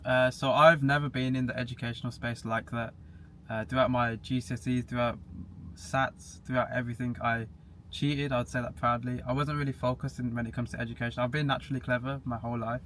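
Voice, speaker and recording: Flat-voiced young man, casual chat. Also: medium pitch, a little fast. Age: young adult. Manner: flat, matter-of-fact, laughs at himself. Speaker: guest. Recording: faint background hiss.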